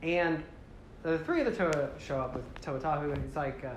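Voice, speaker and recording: A woman giving a rambling, animated casual talk to a live audience, often slipping into character voices. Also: low-pitched, normal speed, echoey room, a little hiss or hum. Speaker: presenter.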